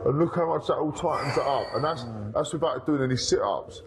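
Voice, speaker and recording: A man's voice: on the high side, a little fast, background noise. A man talking casually and chattily to camera and to housemates. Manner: chatty, scheming, later coaching a breathing trick. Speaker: reality-show contestant. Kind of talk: confessional and casual chat.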